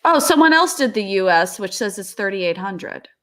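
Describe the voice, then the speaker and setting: A woman co-hosting a casual charity stream, excitable and gushing. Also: medium pitch, moderate pace. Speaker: co-host.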